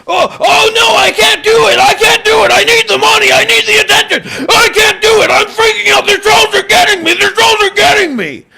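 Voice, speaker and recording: A man voicing a whiny, panicking male internet troll who shouts and sobs. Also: very high-pitched, fairly even intonation, a little fast, creaky, few pauses, noisy background, voice pushed up. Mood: panicked whining. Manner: shouting, sobbing.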